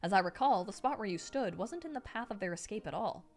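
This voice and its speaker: A woman reading aloud and voicing a clever young man who questions others calmly with a light teasing edge. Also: medium pitch, quick pace, faint music behind, lightly acted. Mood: probing.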